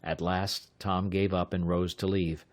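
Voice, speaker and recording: A man narrating an adventure audiobook in a measured, steady reading. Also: low-pitched, no room sound. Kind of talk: scripted narration.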